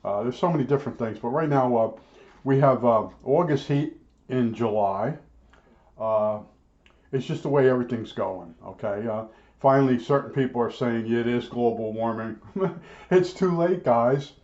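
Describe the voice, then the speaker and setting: Middle-aged male hobby vlogger, mid-pitched, halting casual delivery, lo-fi audio. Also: darkish tone. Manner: halting, many uhs and restarts. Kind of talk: casual rambling talk. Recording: dull lo-fi sound.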